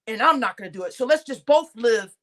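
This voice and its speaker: Woman live-stream commentator, high voice, exasperated and animated, stumbles over her words. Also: brisk. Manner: animated, exasperated, stammering restarts, addresses chat.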